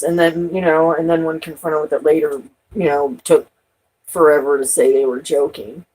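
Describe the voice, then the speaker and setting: A woman vlogging in a rambling, profane monologue, swinging from loud outbursts to trailing off. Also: deep voice, steady tone, normal speed, poor audio. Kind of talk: rambling personal talk to camera.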